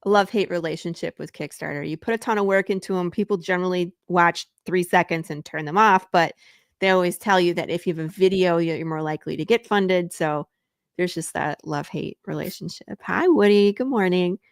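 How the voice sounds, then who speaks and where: A woman's voice: fairly low pitch, fairly quick, no echo, studio quality. Chatty laughing woman podcast host. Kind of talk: casual chat.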